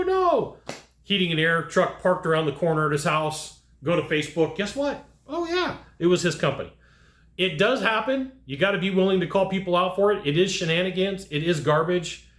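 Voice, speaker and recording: A man's voice: sits high, expressive, a little fast, a bit bright. Blunt, punchy male sales trainer, echoey room. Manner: blunt, punchy, acts out customer voices. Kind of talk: direct-to-camera sales coaching.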